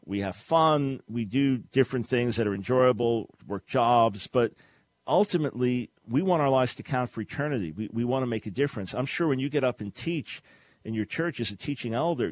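A man's voice: mid-range voice, expressive, brisk, no room sound. A middle-aged man hosting a call-in radio talk show, speaking earnestly in a preaching, teaching manner and often restarting his words.

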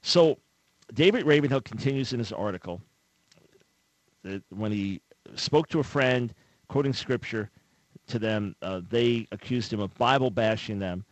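A man's voice: mid-range voice, measured pace, no echo, low-quality recording. A man hosting a radio call-in talk show, speaking in an earnest, conversational way on a studio microphone. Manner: earnest, conversational, acts out imagined callers.

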